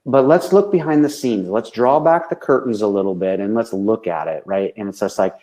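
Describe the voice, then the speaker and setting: A man's voice: lowish voice, a little fast, warm tone. A man, a business coach, speaking frankly and with animation in casual conversation, tagging nearly every sentence with a questioning "right?".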